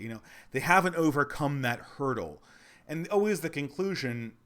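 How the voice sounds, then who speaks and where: A man's voice: medium pitch, fairly bright tone. Irritated man in his thirties, commentary. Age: 30s. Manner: conversational, restarts and repeats phrases, irritated. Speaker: channel host. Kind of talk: critical commentary monologue.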